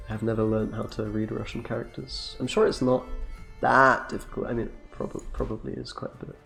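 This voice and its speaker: Creaky-voiced man in laid-back gameplay chat. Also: lowish voice, little pitch movement, fairly quick, a bit bright, soft background music. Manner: laid-back, jokey, slangy, laughs often. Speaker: streamer playing a card game. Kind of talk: casual gameplay commentary.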